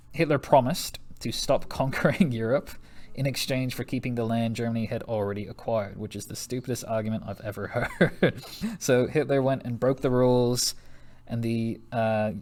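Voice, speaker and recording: A man's voice: mid-range voice, a little mellow. A young American man teaching a history lesson in a chatty, joking way, laughing often and dropping slang asides. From United States. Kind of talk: recorded classroom lesson.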